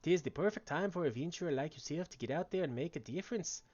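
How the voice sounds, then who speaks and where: Man doing a bawdy old barkeep, gruff, high and loud, dull audio. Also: animated, fast talker. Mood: boisterous. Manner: rowdy, boisterous, full of slang. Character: bawdy old male tavern keeper, jovial and gruff.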